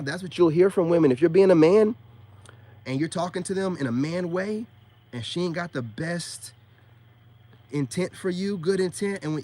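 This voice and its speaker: A man's voice: high-pitched, darkish tone. A man giving a casual, preachy monologue as a self-styled spiritual coach, emphatic and full of street slang and rhetorical questions.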